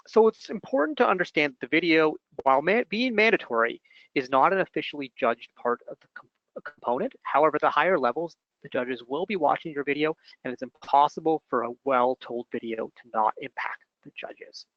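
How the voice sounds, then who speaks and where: A Canadian man in his thirties with a gravelly edge to his voice, talking through advice in a loose, conversational webinar style. He punches important words with sudden emphasis. The recording is dull and close, with no room sound. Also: a little high, expressive, brisk, no room sound. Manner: conversational, stresses key words with bursts of emphasis. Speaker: webinar presenter and consultant. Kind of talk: casual instructional talk.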